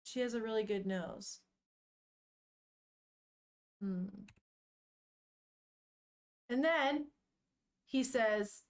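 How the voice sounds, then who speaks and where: A woman's voice: a little high, very slow, long pauses. A woman streamer reading a manga aloud and chatting casually with her viewers, laughing often and swearing now and then.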